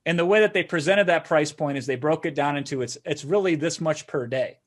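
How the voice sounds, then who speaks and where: A man's voice: a little high, brisk. A man hosting a sales webinar, talking persuasively in a conversational way and often tagging lines with "right?". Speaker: webinar host.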